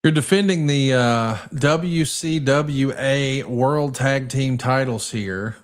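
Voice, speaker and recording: A man's voice: medium pitch, takes it slowly. A man hosting a casual podcast, describing old match footage and asking his co-host questions. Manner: leads with questions, narrates footage.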